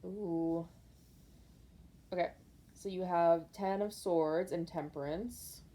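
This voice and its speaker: A woman's voice: fairly low pitch, fairly even intonation, slow pace, mellow, slight background noise. A woman doing a casual pick-a-card tarot reading, rambling and speaking intuitively to viewers with lots of fillers.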